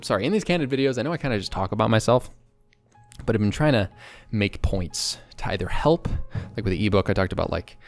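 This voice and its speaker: A young man talking candidly to camera in a rambling, excitable vlog monologue. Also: low-pitched, dry recording. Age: young adult. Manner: excitable, rambling, quick bursts. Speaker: vlogger.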